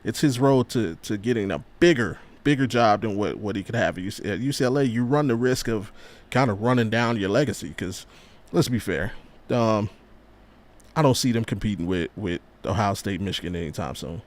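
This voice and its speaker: A man's voice: on the low side, expressive, fairly quick. A man co-hosting a sports podcast, speaking casually with slang and reading out viewer comments. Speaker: podcast co-host.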